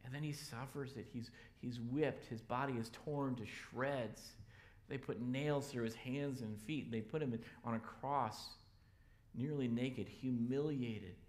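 A man preaching a sermon as pastor in a church, loud and energetic. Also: medium pitch, slow pace.

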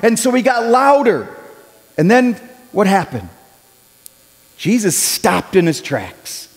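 A man preaching a sermon as pastor, talking in a conversational way and growing loud when he acts out a cry for help. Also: sits high, sing-song, takes it slowly. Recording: long hall reverb.

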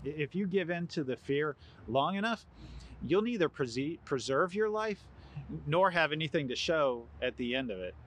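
Male pastor, sermon delivery, animated storyteller, lively pitch swings. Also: normal speed, a little hiss or hum. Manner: animated storytelling, acts out quoted lines.

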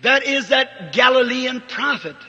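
A kind-hearted woman, played by a preaching man explains things gently and patiently. The voice is high and slow, with a husky grain. A long hall reverb hangs on every word. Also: expressive, muffled recording, exaggerated voice. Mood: gentle. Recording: reverberant old hall recording.

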